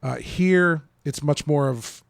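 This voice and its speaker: A man co-hosting a podcast, talking enthusiastically about a film with dry humor and a gravelly voice. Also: fairly high pitch, slow pace, no room sound. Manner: enthusiastic, dry humor, frequent agreeing interjections. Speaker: podcast co-host. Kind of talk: casual movie discussion.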